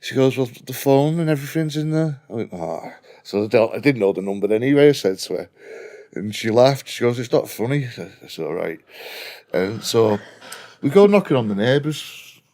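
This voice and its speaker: A man's voice: mid-range voice, lively intonation, normal speed, a little mellow. A man with a broad Liverpool accent telling a profane, blunt anecdote in casual chat. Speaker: guest storyteller.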